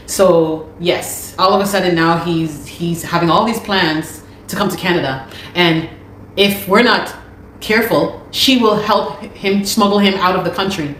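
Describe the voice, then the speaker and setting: A woman's voice: lowish voice, a little slow, a bit bright. Urgent woman pleading for help in an echoey room. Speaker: musician and video host. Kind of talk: personal appeal to viewers. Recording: echoey room with faint noise.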